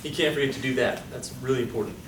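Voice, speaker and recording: Rapid-fire and medium-pitched, a statistics lecturer keeps his classroom upbeat, quizzing students and coaxing responses out of them. Echo, background noise, and a distant mic mark the audio.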